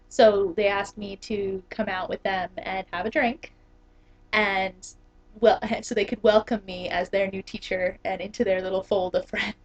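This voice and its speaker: Young woman, chatty vlog, giggly, filler words, dull lo-fi camera audio. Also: mid-range voice. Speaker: vlogger, English teacher. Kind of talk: casual vlog talk.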